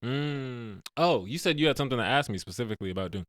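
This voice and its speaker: A man co-hosting a casual movie review podcast, animated and joking, often laughing. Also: mid-range voice, fast, no room sound, clean studio sound. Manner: animated, laughing, jokey asides. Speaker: podcast co-host.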